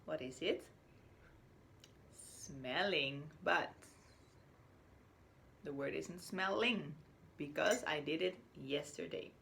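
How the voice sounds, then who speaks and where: A woman teacher from Chile giving a slow, patient recorded spelling lesson to young children, now and then whispering or acting out a word. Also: deep voice, creaky, fairly bright tone, a little hiss or hum. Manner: patient, drawn-out words, whispers or acts out words as examples.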